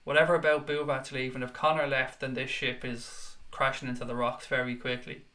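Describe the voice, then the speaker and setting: A man's voice: mid-range voice, flat delivery, brisk, sharp tone. Blunt, sweary male livestream host. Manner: blunt and sweary, reading chat comments aloud. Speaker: livestream chat show host. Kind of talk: casual live chat with viewers.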